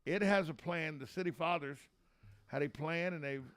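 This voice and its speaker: A man's voice: on the high side, moderate pace, a bit bright. A man hosting a local radio talk show, folksy, joking and opinionated.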